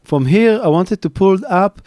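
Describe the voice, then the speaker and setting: A mixing engineer walks through a studio tutorial step by step in a plain manner, frequently restarting and using fillers. His voice sits high and is expressive and unhurried, with music and faint drum playback in the background of the recording studio.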